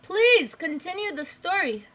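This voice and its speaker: A young woman streaming chess, chatting casually and teasing with quick interjections. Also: extremely high pitch, very animated, bright, forceful tone. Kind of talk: casual chat while playing chess.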